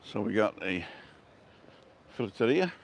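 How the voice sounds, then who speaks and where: This English vlogger's voice sits fairly low, swinging widely in pitch at an unhurried pace, and a slight hiss or hum runs underneath. He strolls a street outdoors on a chatty, jokey walking tour, remarking on passing shops and laughing at his own jokes.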